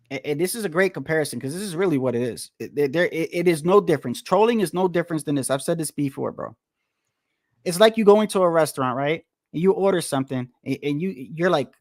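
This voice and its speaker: A man's voice: fairly high pitch, no room sound, studio quality. A man hosting a casual boxing podcast, talking in a rambling, profane way that repeats phrases. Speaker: boxing show host.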